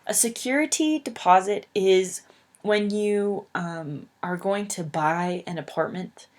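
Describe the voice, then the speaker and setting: A woman's voice: mid-range voice, slow, a little mellow. A young woman teaching an English lesson, patiently explaining words with plain fillers. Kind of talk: slow English lesson, reading aloud.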